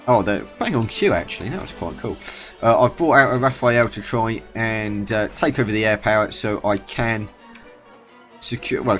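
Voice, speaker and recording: A man casually commentating his own strategy game match, rambling and correcting himself as he goes. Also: fairly low pitch. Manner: rambling, self-correcting, chatty. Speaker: gaming YouTuber. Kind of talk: gameplay commentary.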